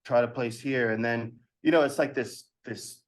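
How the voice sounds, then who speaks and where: A man in his thirties, a podcast guest telling an animated story from his past and acting out the voices of others with laughs. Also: medium pitch, moderate pace. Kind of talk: storytelling in a casual interview.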